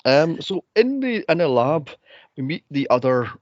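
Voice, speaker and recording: A man with a fairly high, sing-song voice co-hosts a movie podcast at a moderate pace, chatting animatedly about films with laughter and rambling tangents. The recording is dull, lo-fi and dry, with no room sound.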